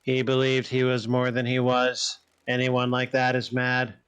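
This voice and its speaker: A man reading aloud the translated lines of an ancient, weary male insect god in a video game, in a flat, unhurried way. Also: medium pitch, dull audio, noisy background, lightly acted. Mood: disdainful.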